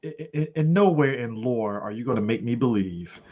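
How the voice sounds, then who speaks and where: A man co-hosting a podcast, talking bluntly and profanely and quickly owning his mistakes. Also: mid-range voice, expressive, lo-fi sound. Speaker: podcast co-host. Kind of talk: casual chat.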